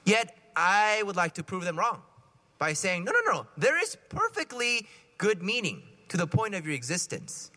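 A man preaching a sermon in a conversational, animated way, acting out little scenes as he talks. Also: high voice, normal speed. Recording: reverberant hall.

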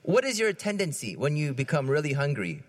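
A man's voice: on the high side, sing-song, a little fast. A man giving a conversational homily, asking his listeners questions and often repeating his words as he goes. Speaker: preacher.

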